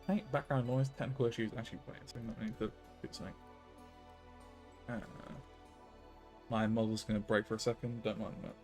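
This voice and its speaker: Mellow-voiced male streamer. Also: medium pitch, fairly even intonation, fairly quick, long pauses, soft background music. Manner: casual, offhand. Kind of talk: live game stream commentary.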